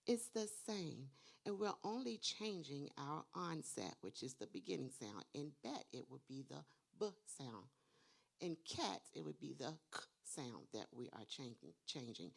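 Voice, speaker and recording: Low gravelly woman teaching parents. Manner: patient, explains step by step with frequent "okay?". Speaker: kindergarten teacher. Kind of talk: seminar presentation for parents.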